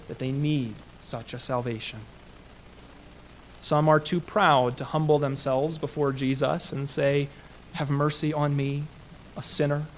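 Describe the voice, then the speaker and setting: A man's voice: fairly high pitch, a little hiss or hum. A man preaching a sermon as pastor, emphatic, his intensity rising and falling.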